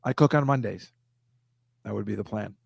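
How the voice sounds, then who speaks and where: A man's voice: fairly low pitch, moderate pace, vocal fry, darkish tone, breathy edge, dry recording, clean studio sound. A middle-aged man, a comedian hosting a casual video-call chat, rambling and self-deprecating, dropping into silly voices now and then. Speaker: comedian host.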